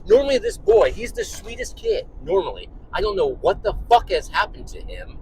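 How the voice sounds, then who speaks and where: A man's voice: high-pitched, wildly swooping pitch, moderate pace, few pauses, darkish tone, slight background noise, low-quality recording. A man telling an exasperated, profane story about his morning, ranting in his car. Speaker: vlogger and dad.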